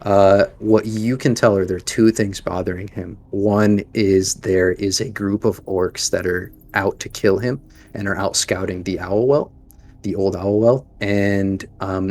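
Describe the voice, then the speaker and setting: A man's voice: sits low, a little mellow. A man narrating a tabletop game as game master, hesitant and full of fillers.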